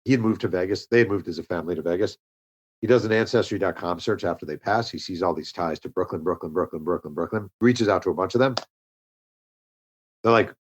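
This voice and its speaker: A man, an author and podcast guest, telling a story with animated energy and acting out the lines of the people in it. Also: low-pitched, fast, slightly rough. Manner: animated storyteller, acts out quoted dialogue. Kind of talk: conversational storytelling interview.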